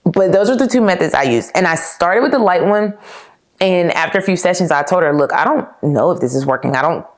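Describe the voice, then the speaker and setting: Young woman, podcast host, lower-pitched voice, candid casual storytelling, chatty with lots of fillers. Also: expressive, a little fast. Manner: chatty and candid, addresses listeners as "y'all"; laughs now and then, frequent fillers like "like".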